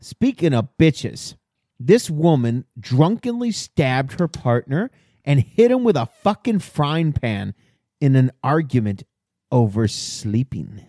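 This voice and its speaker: A man's voice: medium pitch, big pitch swings, takes it slowly, warm tone, no echo, clean studio sound. A man co-hosting a crude casual chat, swearing constantly and joking as he tells news stories. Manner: profane, joking, storytelling. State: shivering from cold. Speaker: podcast co-host. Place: outdoors in the cold.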